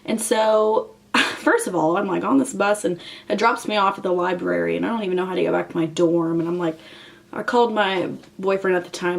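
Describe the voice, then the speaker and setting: A woman's voice: medium pitch, normal speed, gravelly. Chatty young woman vlogging. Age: young adult. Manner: chatty, many fillers, emotional retelling. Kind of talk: casual storytelling to camera.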